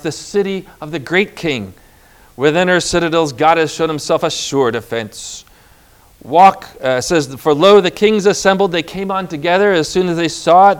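A man's voice: on the high side, normal speed, clean tone. A man preaching a sermon with emphatic delivery, stretching out key words and calling on the congregation to repeat phrases.

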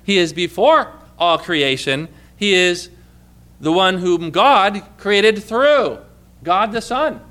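A man's voice: fairly high pitch, sharp tone. A man preaching a sermon, reading scripture aloud and quizzing his congregation with questions. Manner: asks the congregation questions and prompts answers; reads scripture aloud with emphatic stress.

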